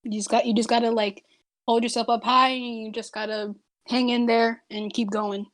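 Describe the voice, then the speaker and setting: Woman, podcast co-host, higher voice, playful, teasing, slangy. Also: level tone, moderate pace. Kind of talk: casual podcast chat.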